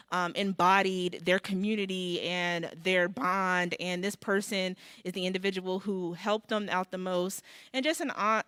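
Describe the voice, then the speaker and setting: Smooth-voiced giggly woman co-host. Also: medium pitch, fairly bright tone, no room sound, clean studio sound. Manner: giggly and informal. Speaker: event co-host. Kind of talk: live event hosting. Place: event hall stage.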